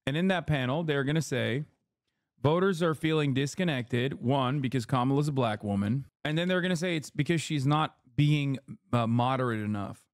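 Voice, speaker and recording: A man's voice: mid-range voice, normal speed, no echo, studio quality. A man streaming live, reacting to news clips with casual, profane, sarcastic commentary and mocking quoted voices.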